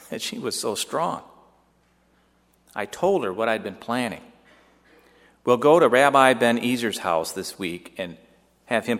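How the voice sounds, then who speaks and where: A man plays Joseph, an earnest young son recalling a tender memory to his mother in a dramatic first-person storytelling monologue. His heartfelt voice is a little low with a fairly bright tone, and a long hall reverb trails each line.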